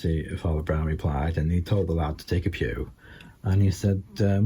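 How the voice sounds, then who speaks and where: An older man with a Scouse accent doing deadpan stand-up storytelling, halting with many ums and you-knows. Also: low voice, breathy edge. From England. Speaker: stand-up comedian.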